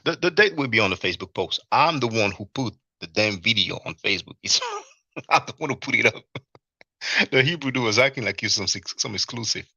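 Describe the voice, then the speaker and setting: Man, gravelly husky voice, rambling casual storytelling, dry close sound. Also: fairly low pitch, fairly quick, dry recording, highs cut off. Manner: rambling, animated retelling with many fillers and restarts. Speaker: livestream host.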